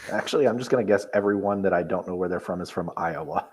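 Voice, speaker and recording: A man's voice: low-pitched, quick pace, a little mellow, husky. A man co-hosting a casual podcast, wry and laid-back as he muses over a wrestling match. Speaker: podcast co-host.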